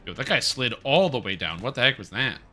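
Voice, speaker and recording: A man's voice: mid-range voice, big pitch swings, brisk, pushed and bright, soft background music. A man in his thirties streaming a game, joking and rambling as he reads chat aloud. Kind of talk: casual stream chat while gaming.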